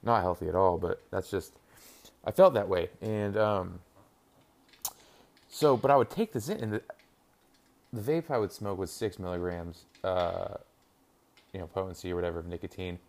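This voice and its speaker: Low-voiced rambling profane man. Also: normal speed, gravelly, pauses often, a little mellow. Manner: rambling, profane, reacting to a game on TV. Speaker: podcast host. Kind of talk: casual solo chat.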